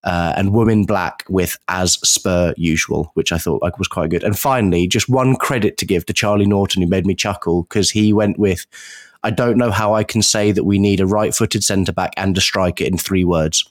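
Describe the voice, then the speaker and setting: A man on a podcast panel, chatting in a relaxed, easygoing way. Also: low voice, normal speed, dry recording. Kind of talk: casual podcast chat.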